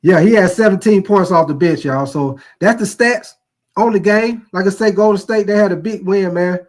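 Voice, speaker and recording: A man's voice: high-pitched, normal speed, a little mellow. A middle-aged man hosting a casual live-streamed sports talk show, reading viewer comments and telling profane, laughing stories. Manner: loose, joking, reads viewer comments aloud; profane storyteller who laughs at his own stories.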